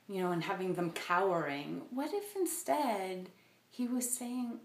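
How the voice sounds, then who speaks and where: Woman musing slowly, lots of um and so, lowish voice, echoey room. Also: lively intonation. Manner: hesitant, many fillers and restarts. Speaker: podcast host. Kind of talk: casual reflective monologue.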